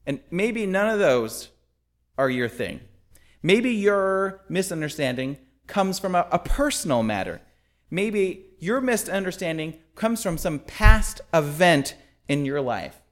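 Male preacher, lively pitch, emphatic, asks rhetorical questions. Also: measured pace. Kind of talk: sermon.

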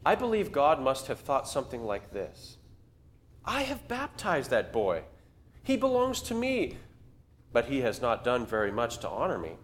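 A man reading aloud the lines of a wise old rector who questions a man gently but firmly. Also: medium pitch, wildly swooping pitch, normal speed. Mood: gently probing. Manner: earnest, questioning, read aloud.

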